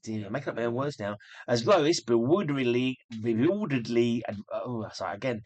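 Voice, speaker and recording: A man's voice: medium pitch, animated, a little fast, a little mellow, dry recording. A man reading a comic book aloud for his channel, breaking off into casual, self-deprecating asides.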